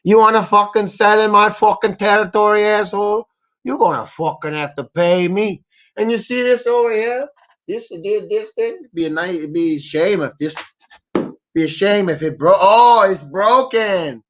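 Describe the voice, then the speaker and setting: A man's voice: high voice, normal speed, a bit bright, lo-fi sound, pitched above the performer's own voice. A man voicing a menacing male mafia extortionist with a put-on Mexican accent, swaggering and threatening.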